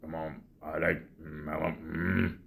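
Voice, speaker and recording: A man putting on the voice of a slow, mumbling, simple-minded grown man, with grunting hums. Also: flat delivery, creaky, a bit bright, full character voice. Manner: low grunting murmur with hums.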